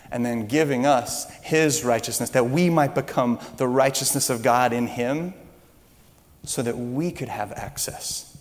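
Male pastor, mid-range voice, animated storyteller, long hall reverb. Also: medium pitch. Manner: animated storytelling, rising loud when excited. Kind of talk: sermon.

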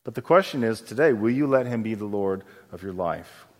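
A man's voice: on the low side, expressive, brisk. Casual preaching pastor, man, reverby hall. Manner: conversational, asks the congregation questions. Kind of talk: sermon.

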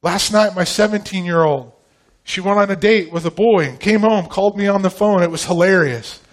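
A man's voice: high-pitched, moderate pace. A man in his forties preaching a sermon with emphasis, asking the congregation rhetorical questions. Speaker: pastor.

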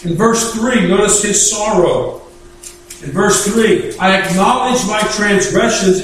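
High-voiced preacher echoing in a church. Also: male voice, slight background noise. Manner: emphatic preaching, reads scripture slowly in King James wording. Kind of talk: sermon. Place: church sanctuary. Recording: echoey church hall, voice from far off.

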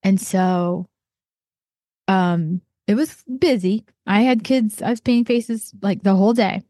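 A woman artist from southeastern Ohio talking casually and warmly about what inspires her, rambling with many fillers and restarts. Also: medium pitch, measured pace, dry recording, clean studio sound. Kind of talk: casual personal monologue.

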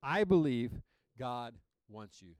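A male pastor delivering a sermon at an unhurried, deliberate pace. He leans hard on key words and reads hymn lines aloud with growing emphasis, calling for amens. The recording is close and dry. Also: mid-range voice, lively intonation, darkish tone, dry recording, poor audio. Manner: asks the congregation for amens.

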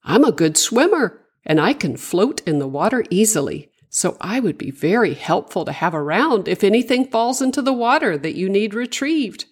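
A woman voicing an eager, excited young male creature in a children's storybook, with raised, shouting greetings. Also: mid-range voice, moderate pace, few pauses, husky, pitched above the performer's own voice. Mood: pleading. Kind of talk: storybook voice acting.

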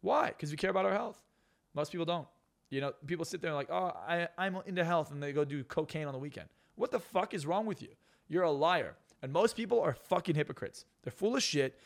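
A young man with a highish voice, lively intonation, and vocal fry talks fast as a guest on a podcast interview. A hypnotist and success coach, he's blunt and brash, swearing a lot and landing emphatic jabs.

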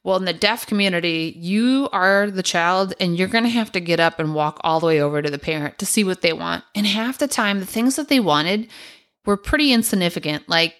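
A woman's voice: mid-range voice, expressive, normal speed, a bit bright. A young woman from the United States hosting her own show, telling childhood stories in a casual, rambling way full of ums and you-knows. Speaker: podcast host. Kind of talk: casual storytelling monologue.

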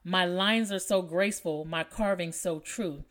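A woman voicing an eager, flattering silver urn in a read-aloud poem. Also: fairly low pitch, unhurried.

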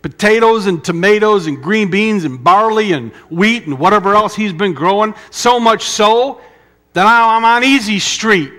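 A man's voice: sits high, moderate pace, sharp tone, long reverb tail, pitched above the performer's own voice. A man voicing a boastful rich farmer who gloats about his harvest. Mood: smug. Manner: gloating, exaggerated. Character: boastful rich male farmer, smug and carefree.

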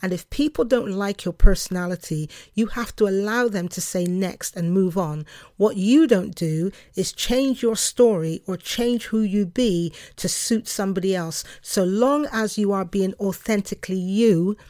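Passionate, fast-talking woman podcast host. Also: mid-range voice, mellow, no room sound, studio quality. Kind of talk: solo podcast monologue.

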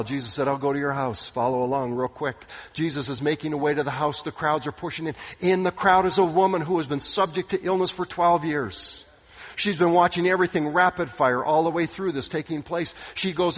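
A man delivering a dramatic sermon, acting out quoted voices and sinking into hushed tones. His voice sits slightly high and sounds a little husky. It rings out with a long reverb in a big hall. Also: moderate pace. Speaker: pastor.

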